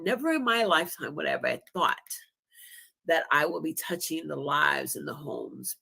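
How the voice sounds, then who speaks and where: A low, gravelly-voiced woman speaking very slowly as a guest on a live stream. She talks in a heartfelt, emotional way, close to tears. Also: a bit bright. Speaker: guest podcaster. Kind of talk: casual live-stream chat.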